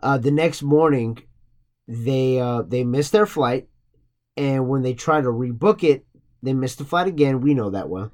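A man's voice: mid-range voice, measured pace, a little mellow. A man co-hosting a podcast, retelling a story casually with lots of swearing and jokes. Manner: profane, joking, mocking voices in quotes. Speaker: podcast co-host.

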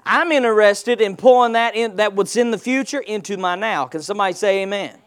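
A man's voice: high-pitched, brisk, a bit bright, smooth. A man preaching a sermon in a church, using call-and-response and rhetorical questions. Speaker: pastor.

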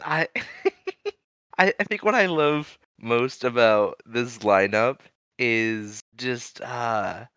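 A man's voice: mid-range voice, fairly bright tone, dry recording. A man co-hosting a casual podcast chat, amused and laughing, often restarting his sentences. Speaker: podcast co-host.

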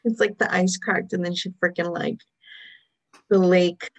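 A woman's voice: fairly low pitch, little pitch movement, a little slow, highs cut off. A woman co-hosting a casual chat, chiming in with thoughtful theories about a show. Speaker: podcast co-host.

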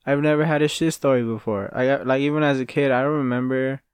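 A man's voice: mid-range voice, steady tone, fast talker, smooth, no echo. A man hosting his own podcast, telling stories in a rambling, profane and casual way. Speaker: podcast host. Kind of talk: casual solo storytelling.

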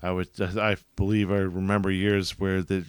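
A man co-hosting a casual podcast, thinking aloud in a halting way. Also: low-pitched, level tone, clear, resonant tone, no echo.

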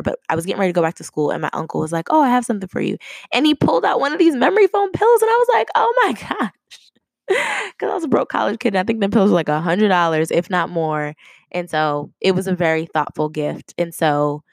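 A woman's voice: low voice, gravelly, no room sound. A young woman hosting a podcast, talking chattily in a casual, conversational way and laughing often. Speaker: podcast host. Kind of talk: casual solo podcast talk.

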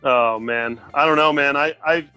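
A man's voice: medium pitch, normal speed, sharp tone, clear, resonant tone, soft background music. A man who teaches, a podcast guest chatting casually and cracking wry jokes. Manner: joking, wry zingers.

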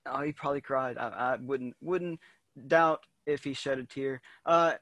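A man co-hosting a casual sports podcast, quick to react and fond of jokes. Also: medium pitch, no room sound, lo-fi sound. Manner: animated, jokey, quick reactions. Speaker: podcast co-host.

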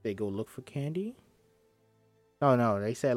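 Man reading a script with animated asides. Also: medium pitch, unhurried, dry recording, faint music behind. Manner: jokey asides, swearing, acts out the lines. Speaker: film script reviewer. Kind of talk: reading a film script aloud with commentary.

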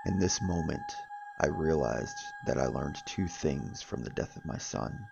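A man giving scripted horror story narration in a slow, dramatic manner. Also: a bass voice, huge pitch swings, creaky, muffled recording. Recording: background music.

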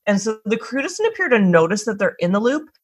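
A woman's voice: medium pitch, big pitch swings, fairly quick, husky, low-quality recording. A woman co-hosting a podcast, chatting casually and retelling an episode's plot with offhand asides and the odd swear. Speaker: podcast co-host.

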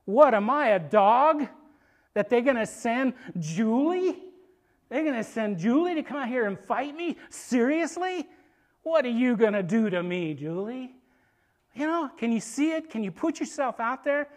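A man's voice: very high voice, big pitch swings, moderate pace, pitched above the performer's own voice. A male preacher voicing a giant warrior man who taunts his opponent with scorn, in a sermon retelling. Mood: taunting.

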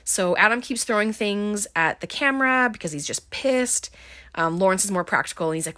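A woman with a slightly low voice talks through a film's plot in a loose, casual recap. She keeps it chatty and conversational, peppering her retelling with likes and ums. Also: animated, moderate pace, a bit bright. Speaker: film recap host.

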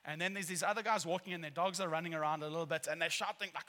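A man preaching a sermon as pastor, earnest and animated, acting out quotes as he tells a story. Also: high voice, very fast. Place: church hall. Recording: long hall reverb.

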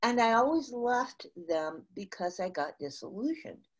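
An older woman from the USA, a guest in an interview, telling a business story in an animated way with frequent restarts. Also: a little high, unhurried.

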